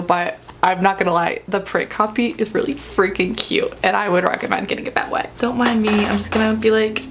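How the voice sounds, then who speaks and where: A young woman chatting to camera at home as an author vlogger, bubbly and chatty, gushing with excitement over her new book. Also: mid-range voice, slight background noise. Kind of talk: casual chat to camera.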